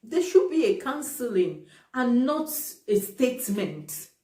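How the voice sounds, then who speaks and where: A woman's voice: a little high, big pitch swings, takes it slowly, warm tone. A woman vlogger talking casually to camera, stressing her points by repeating them. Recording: roomy, distant from the mic.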